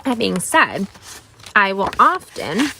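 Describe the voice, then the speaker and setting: A woman's voice: medium pitch, sing-song, takes it slowly, creaky, sharp tone, slight background noise. Chatty woman hosting a craft stream. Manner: chatty, greets viewers, enthusiastic asides. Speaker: craft channel host. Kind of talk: casual live-stream craft demo.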